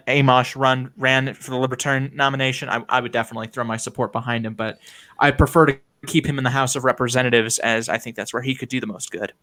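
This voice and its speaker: Male host, bright voice, opinionated, fillers and restarts, casual discussion. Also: mid-range voice.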